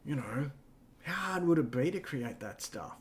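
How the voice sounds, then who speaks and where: Casual podcast co-host, middle-aged man, mid-pitched, rambling and profane. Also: animated, moderate pace, slight background noise. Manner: rambling, swears freely, many fillers. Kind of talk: casual chat.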